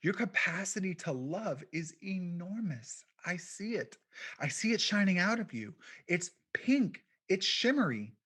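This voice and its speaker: A man putting on a squeaky elderly woman therapist. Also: sing-song, measured pace, a bit bright, slightly rough, full character voice. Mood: awed. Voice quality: high-pitched, squeaky. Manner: gushing, wonder-struck.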